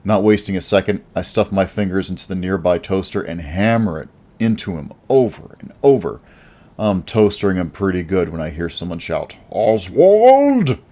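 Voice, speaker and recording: Low-voiced male audiobook narrator. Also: darkish tone. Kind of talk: first-person audiobook narration.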